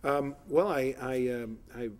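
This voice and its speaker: A man's voice: mid-range voice, a little slow, a little mellow. A middle-aged man from South Florida, a political candidate answering questions in an editorial board interview, rambling with many fillers and restarts.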